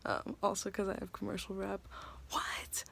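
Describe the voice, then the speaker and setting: Chatty giddy young woman, gravelly edge. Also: mid-range voice, monotone, normal speed, fairly bright tone, whispered. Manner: chatty, rambling, self-mocking; giddy and scattered. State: hungry and tired. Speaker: actress vlogger. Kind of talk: casual vlog chat.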